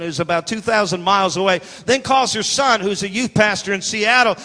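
Male pastor, high bright voice, animated sermon storyteller, echoing hall. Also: moderate pace, few pauses. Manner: animated storytelling, acting out quoted voices, building to shouts.

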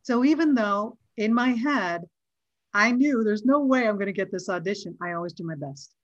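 Lively middle-aged actress, dry dull sound. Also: female voice, medium pitch, normal speed, no room sound. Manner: lively, acts out quoted dialogue. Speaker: actress, interview guest. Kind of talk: casual storytelling interview.

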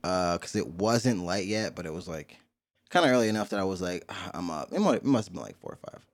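A man's voice: low voice, lively intonation, quick pace, no room sound, studio quality. A man telling a story in a casual podcast chat, laughing often and acting out noises. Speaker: podcast co-host.

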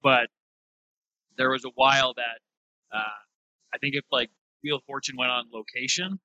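Bright, sharp-voiced man with wry jokes. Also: medium pitch, normal speed, muffled recording, a little hiss or hum. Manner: wry, deadpan jokes, crude humor. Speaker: podcast co-host. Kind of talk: casual chat. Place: temporary studio.

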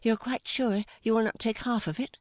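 A woman reading the part of a gentle, timid young woman, speaking softly and hesitantly with deep affection. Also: steady tone, fairly quick, dry recording, clean studio sound, natural voice. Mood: tender. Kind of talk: audiobook dialogue reading.

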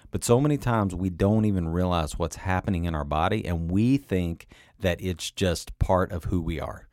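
A man's voice: deep voice, darkish tone, no echo, studio quality. A middle-aged man working as a coach for men, talking in a conversational way and often checking in with "right?" and "okay?". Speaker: men's coach. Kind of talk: coaching talk to camera.

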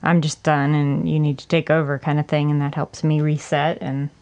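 A woman co-hosting a podcast, soft-spoken and agreeable in casual chat. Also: low voice, flat delivery, normal speed. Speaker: podcast co-host.

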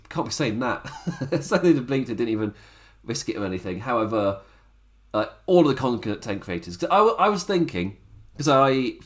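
Young guy, casual wrestling-show host, lively up-and-down voice, rambling and giggly. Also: mid-range voice. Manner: rambling, laughs often, animated. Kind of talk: casual commentary to camera.

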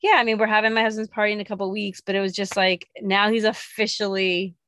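A woman's voice: mid-range voice, flat delivery, quick pace, fairly bright tone. A woman, co-hosting a podcast in casual, upbeat chat and laughing often. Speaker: podcast co-host.

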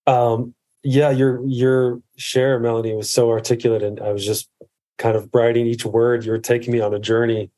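Mellow-voiced man, earnest and reflective. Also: medium pitch, flat delivery, normal speed. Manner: earnest, reflective, restarts often. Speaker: podcast guest, medical provider. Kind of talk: casual conversation.

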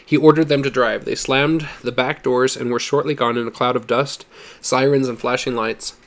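A man reading a story aloud in a steady, measured narration. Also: medium pitch. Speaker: audiobook reader.

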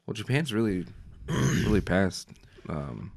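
A man co-hosting a podcast in casual banter, teasing his partner deadpan and swearing. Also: low voice, moderate pace, long pauses, dry recording. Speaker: podcast co-host.

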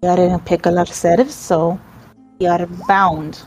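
A woman's voice: on the low side, fairly even intonation, unhurried, a little mellow, faint music behind. A woman playing her character in a tabletop game, blunt and wry as she bargains. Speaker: player.

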